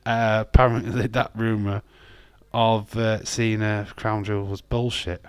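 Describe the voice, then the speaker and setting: A man's voice: fairly low pitch, flat delivery, measured pace, clean tone, no echo. Chatty Yorkshire man, dry close sound. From West Yorkshire, England. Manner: chatty, swears freely, laughs often, addresses chat by name. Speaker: wrestling watch-along host. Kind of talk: casual live watch-along chat.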